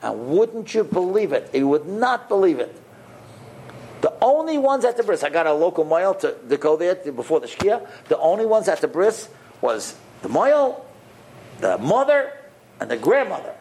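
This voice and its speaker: A man who is a rabbi and mohel, telling stories to a group in an animated way and acting out the dialogue himself. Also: a little high, moderate pace, creaky, slight background noise. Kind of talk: storytelling talk.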